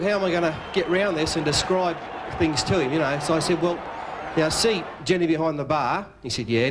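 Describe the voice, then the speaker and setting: A man with an Australian accent telling a comic story at a club dinner, spinning a yarn with quick punchlines and doing the other man's lines. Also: fairly high pitch, background noise. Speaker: after-dinner speaker. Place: club function room.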